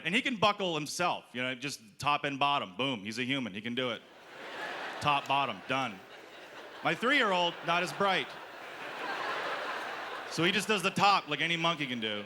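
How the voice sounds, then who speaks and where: A man doing a stand-up comedy set on a festival stage, telling a story and acting out the lines of the people in it. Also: on the high side. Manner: storytelling, acts out quoted lines. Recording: live club with crowd and noise. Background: audience laughing.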